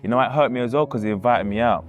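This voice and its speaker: A man's voice: mid-range voice, racing, phone-quality sound, faint music behind. A man telling an emotional personal story in a casual way, acting out the voices of people he quotes and going over the same words again. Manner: casual, acts out quoted voices, repeats himself.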